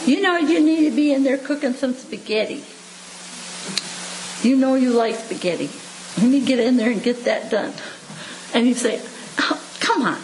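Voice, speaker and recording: A woman's voice: a little high, slight background noise, low-quality recording. A woman in her seventies giving a homespun devotional sermon, chuckling often, repeating her points and speaking to listeners like family. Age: 70s. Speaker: preacher.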